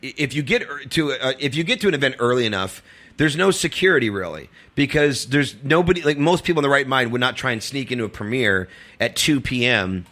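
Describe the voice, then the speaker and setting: A man guesting on a talk show, telling a long rambling story, full of fillers and acting out quotes in a higher voice. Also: animated, brisk, fairly bright tone. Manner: rambling, filler-heavy, acts out quotes in a high voice. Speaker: comedian guest. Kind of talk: casual storytelling chat.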